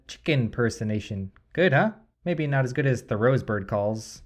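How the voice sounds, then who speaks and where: A man's voice: medium pitch, expressive, a little fast, few pauses. Playful male podcast host. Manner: playful, jokey, then reflective. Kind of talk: casual podcast commentary.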